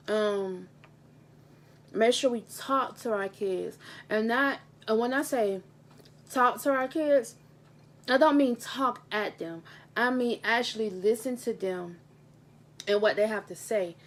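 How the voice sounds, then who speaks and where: A woman's voice: on the high side, slow pace, long pauses. Earnest woman teacher vlogging at home. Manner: earnest, heartfelt, repeats phrases for emphasis. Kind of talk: casual mukbang vlog talk. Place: table at home. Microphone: handheld camera mic.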